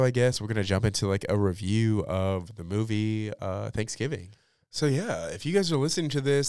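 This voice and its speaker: A man's voice: on the low side, a little mellow, smooth, no room sound, clean studio sound. A young man hosting a pop culture podcast, chatting casually with lots of fillers and cursing freely. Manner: chatty, slangy, swears freely, many fillers. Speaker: podcast host.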